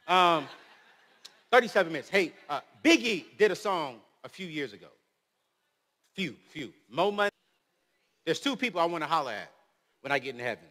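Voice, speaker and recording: Animated, bright-voiced male preacher. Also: a little high. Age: 30s. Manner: animated storytelling, swings between loud and soft; humorous, slangy. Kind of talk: motivational speech. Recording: long hall reverb.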